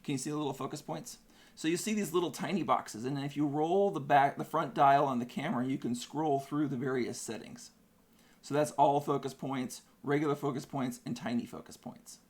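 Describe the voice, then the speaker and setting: A man's voice: on the high side, a little fast, a little mellow. A man hosting a live-stream photography tutorial, chatty, explaining camera settings step by step.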